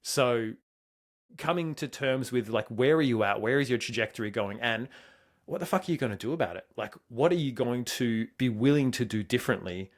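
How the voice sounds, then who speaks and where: A man co-hosting a fitness podcast, talking emphatically and swearing often as he makes his points. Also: medium pitch. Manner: fast, emphatic, swears a lot. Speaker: podcast co-host. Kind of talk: motivational podcast talk.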